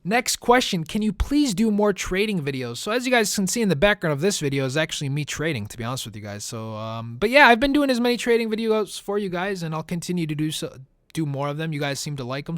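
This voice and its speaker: A man's voice: a little high, fairly bright tone, dry recording, studio quality. A young man who grew up speaking Italian, answering viewer questions in a laid-back, chatty way and often calling his listeners "man" and "guys". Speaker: gaming YouTuber. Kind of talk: casual Q&A commentary over gameplay.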